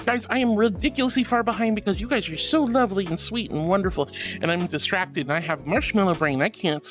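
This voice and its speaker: Streaming from home with faint music behind her, a woman chats with her viewers and reads their comments. Her mid-range voice moves fast, and she's bubbly, affectionate and giggly.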